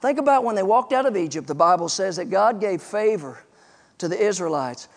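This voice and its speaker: A man's voice: high voice, lively intonation, brisk, vocal fry. A man in his forties preaching a sermon, telling a story and stressing points emphatically. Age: 40s. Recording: long reverb in a large hall.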